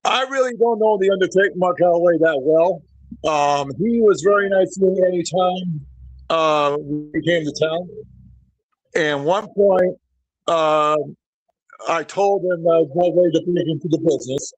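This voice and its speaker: A man's voice: on the high side, a little slow, no echo, low-quality recording. A middle-aged man, a professional wrestler, telling rambling backstage anecdotes with chuckles as an interview guest. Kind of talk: casual storytelling interview.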